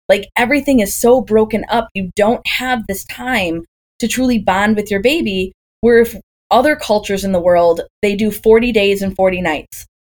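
A woman in her thirties from Wisconsin, a doula guest on a podcast, talking in a chatty way full of stories and rhetorical questions. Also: mid-range voice. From Green Bay, Wisconsin, USA. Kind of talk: casual podcast conversation.

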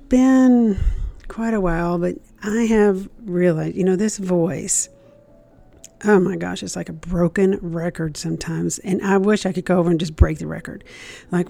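A woman's voice: medium pitch, gravelly, dark tone. A woman giving a casual Christian devotional talk, speaking conversationally and often repeating herself as she acts out an inner accusing voice.

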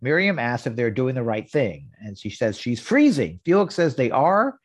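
Husky-voiced man recapping a scene. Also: medium pitch, big pitch swings, normal speed, no echo. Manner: reads quoted lines plainly, chatty asides. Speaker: podcast host. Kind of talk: casual recap narration.

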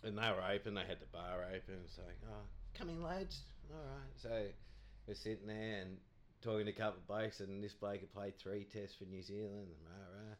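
A man's voice: on the low side, steady tone, fairly quick. A man, a podcast guest telling cricket anecdotes in a rambling, chatty way, laughing often.

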